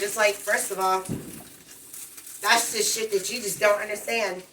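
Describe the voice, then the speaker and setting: A woman vents on a live stream from her apartment, her rant rambling and profane. Her talk is agitated and full of restarts, at an ordinary pitch for a woman. Food fries quietly in the background. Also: fairly even intonation, moderate pace, background noise. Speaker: livestreamer.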